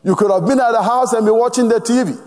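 A man's voice: extremely high pitch, fast, a little mellow. A man with a Ghanaian accent preaching a sermon emphatically, prompting the congregation to finish his phrases. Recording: long reverb of a large hall.

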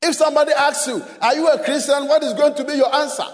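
A Ghanaian man preaching a sermon, emphatic, repeating rhetorical questions and rising to shouts. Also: very high-pitched, steady tone, fast talker, in a large hall.

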